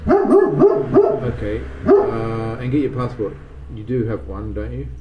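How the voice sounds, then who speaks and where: A man's voice: medium pitch, sing-song, takes it slowly, lo-fi sound, slight background noise. A man voicing a wry, blunt adult male detective in a storybook reading, thinking aloud in an offhand way. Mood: musing.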